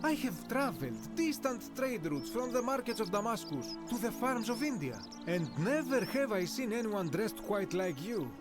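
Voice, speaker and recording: A man's voice: sits high, big pitch swings, normal speed, hardly any pauses. A man voicing a well-travelled, courteous male Greek merchant in a video game, speaking in a formal, flowery and polite way. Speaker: game character. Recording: game audio over background music.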